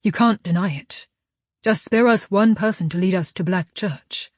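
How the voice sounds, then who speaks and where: A woman voicing a firm, steady man who leads the group and bargains calmly. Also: medium pitch, no echo, clean studio sound, lightly acted. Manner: firm, measured.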